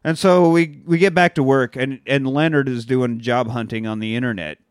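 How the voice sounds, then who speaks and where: A man co-hosting a podcast, recapping a movie in casual, profane chat and acting out the characters' lines in quick put-on voices. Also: mid-range voice, fairly even intonation, clear, resonant tone, no echo, clean studio sound. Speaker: podcast co-host.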